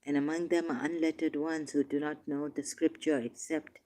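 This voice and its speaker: A man reading scripture verses aloud and commenting on them, turning emotional, shifting between quiet musing and loud, drawn-out declaiming. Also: fairly high pitch, fairly even intonation. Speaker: religious commentator.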